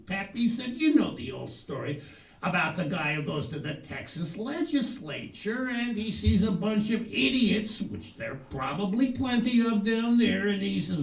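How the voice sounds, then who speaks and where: Gravelly folksy man spinning loud yarns. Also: high voice, expressive, moderate pace, reverberant, distant mic. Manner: folksy rambling yarn-spinner, loud outbursts. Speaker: comedic talk host. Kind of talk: comic storytelling monologue.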